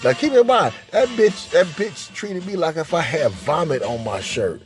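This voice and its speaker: A man telling a profane, animated story in casual slang, laughing as he goes. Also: a little high, normal speed, faint music behind. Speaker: podcast host.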